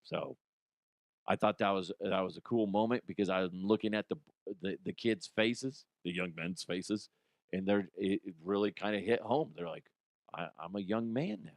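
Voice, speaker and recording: A middle-aged youth coach hosts his podcast in a casual monologue, speaking at normal speed in a voice on the low side, with no room sound. He talks bluntly, curses liberally and acts out quotes in a louder voice.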